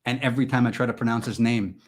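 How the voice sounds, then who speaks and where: A man hosting a live stream and chatting with viewers in a goofy, rambling way, jumping from loud mock-indignant bursts to mumbled asides. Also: mid-range voice, fairly even intonation, fast talker. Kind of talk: joking live chat with viewers.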